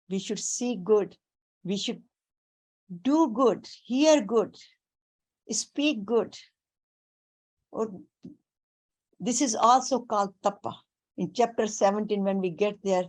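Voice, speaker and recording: A woman giving a spiritual talk, speaking deliberately and weaving in Sanskrit and Hindi terms. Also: mid-range voice, darkish tone. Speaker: spiritual teacher.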